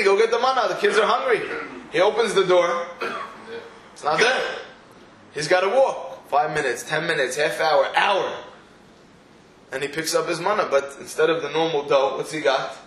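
A man giving an animated Torah class, telling stories and acting out the people he quotes. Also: fairly high pitch, measured pace, long pauses. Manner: animated storytelling with quoted voices. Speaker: rabbi. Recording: roomy echo with faint room noise.

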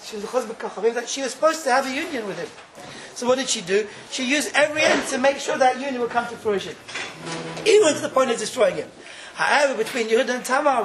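A man with a very high voice teaches an informal Torah class at a fast clip, telling stories in an animated way and laughing as he goes. He is recorded in an echoey room with a faint hum of ambience behind him. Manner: storytelling, animated, laughs often.

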